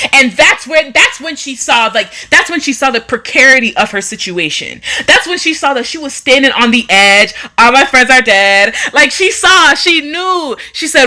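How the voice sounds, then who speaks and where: A woman's voice: sits high, expressive, normal speed, few pauses, bright, forceful tone. A woman hosting a casual live stream, reading viewer comments and chatting in an emphatic way, often repeating phrases for effect. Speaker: livestream host.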